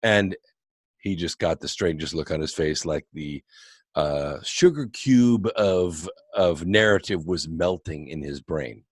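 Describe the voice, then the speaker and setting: Lively low-voiced storyteller man. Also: unhurried, slightly rough, dry recording. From United States. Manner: animated, wry storyteller. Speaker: guest author. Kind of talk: anecdotal storytelling.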